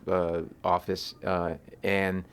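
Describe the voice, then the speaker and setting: A man, a comedian, telling animated stories in an interview and acting out voices in his anecdotes. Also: low voice, slow, clear, resonant tone. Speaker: comedian guest. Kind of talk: storytelling interview chat.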